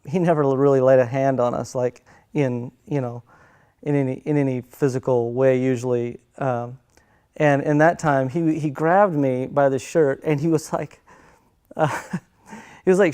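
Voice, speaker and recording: Middle-aged man, smooth resonant voice, soft-spoken and halting, personal storytelling. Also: a little high. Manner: halting, many fillers and restarts, soft-spoken. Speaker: son telling family stories.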